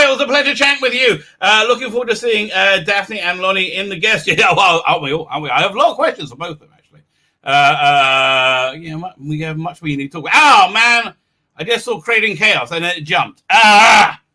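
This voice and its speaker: A man with an English accent hosting a livestream, rambling and crude, with lots of stammered restarts and loud laughs. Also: high voice. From England. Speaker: livestream host. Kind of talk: casual livestream chat.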